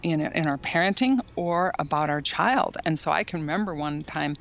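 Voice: mid-range voice, moderate pace, creaky, a bit bright. Parenting educator guest, thoughtful and explanatory, a bit muffled recording. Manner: thoughtful, many fillers and restarts, explanatory. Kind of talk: casual podcast conversation.

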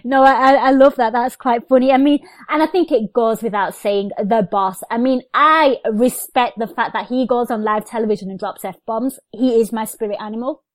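Chatty higher-voiced woman host. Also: normal speed, hardly any pauses, no room sound. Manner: enthusiastic, chatty, long rambling questions. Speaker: podcast host. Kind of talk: casual interview chat.

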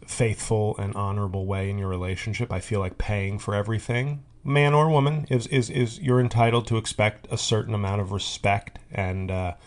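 A man hosting a podcast, telling a rambling comic monologue full of tangents, fillers and restarts. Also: on the low side. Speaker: podcast host. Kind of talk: comedic monologue.

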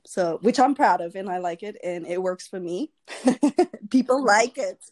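A woman's voice: mid-range voice, lively intonation, unhurried, a little mellow. A woman from South Africa with a South African accent mixed with a little Canadian, talking casually as a podcast guest and laughing often. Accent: South African, with some Canadian. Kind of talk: casual chat.

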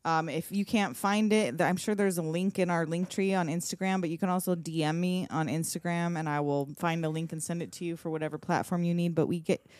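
A woman's voice: fairly low pitch, fairly quick, hardly any pauses, no room sound. A woman in her thirties, a podcast co-host, recapping a film in casual chat and acting out the scenes. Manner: animated storytelling, acts out scenes.

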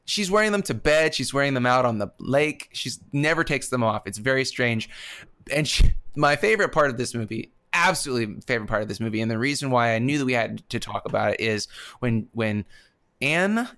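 A man's voice: mid-range voice, animated, brisk, bright, forceful tone. A man co-hosting a casual movie podcast, retelling scenes with lots of laughter and swearing. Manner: laughing, profane, retells scenes with put-on quotes. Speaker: podcast co-host. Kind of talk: casual movie-review chat.

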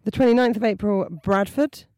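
A woman co-hosting a comedy podcast, chatting through her stories with a self-mocking, easygoing delivery. Her voice sits at an ordinary middle pitch. The recording is close and dry, with no room sound. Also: fairly quick, a little mellow, no room sound. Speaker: podcast co-host. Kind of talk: casual comedy podcast chat.

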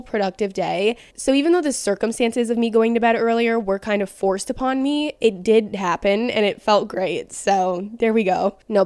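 A woman's voice: medium pitch, darkish tone, clear, resonant tone, no echo. Chatty young woman podcasting. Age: young adult. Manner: chatty, candid, lots of "like" fillers. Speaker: podcast host. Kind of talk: casual solo podcast chat.

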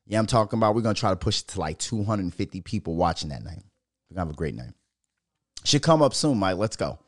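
A man from Minnesota hosting his own podcast, talking casually, swearing a lot and riffing into animated rants. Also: sits low, fast, no echo, studio quality. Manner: profane, animated, riffing and ranting. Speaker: podcast host. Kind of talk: casual solo podcast rant.

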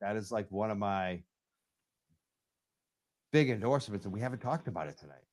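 A man's voice: on the low side, expressive, brisk. A man hosting a live call-in radio show, talking enthusiastically and rambling through restarts.

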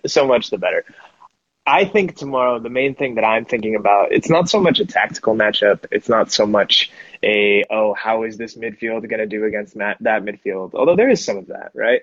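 A man co-hosting a casual live show, chatting in a relaxed, self-deprecating way about an upcoming soccer final. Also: on the low side, breathy edge, no echo, lo-fi sound. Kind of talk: casual match preview chat.

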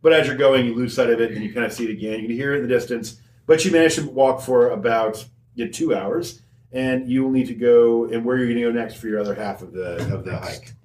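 A man's voice: mid-range voice, fast, a little mellow. A man running a tabletop game as game master, narrating loosely with frequent restarts. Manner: loose and rambling, with many restarts. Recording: roomy table recording.

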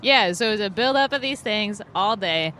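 A woman's voice: medium pitch, expressive, moderate pace, pushed and bright. A woman co-hosting a podcast, frankly building up a story about her frustrating day. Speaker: podcast co-host. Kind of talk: casual chat.

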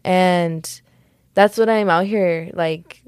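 Speaking slowly and steadily, this young adult woman has a lowish, slightly mellow, smooth voice, recorded at studio quality without room sound. As the sole host of her podcast she rambles, giggles, corrects herself, and jokes things away, leaning on "like" and "just kidding."

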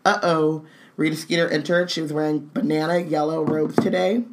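A woman's voice: low voice, fairly even intonation. Woman, co-host, casual read-along, playful asides, everyday voice. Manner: playful, reads dialogue with quick asides and jokes. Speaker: co-host reading a book aloud on stream.

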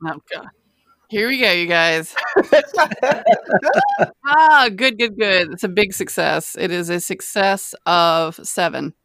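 A woman's voice: on the low side, takes it slowly, long pauses, a bit bright, dry recording, studio quality. A woman playing a character in a tabletop game, casual and giggly. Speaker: player.

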